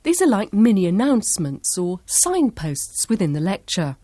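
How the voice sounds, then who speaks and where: A woman narrating a study-skills lesson in a clear, measured, instructive way. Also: medium pitch, big pitch swings, warm tone, dry recording, clean studio sound. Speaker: course narrator. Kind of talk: scripted educational narration.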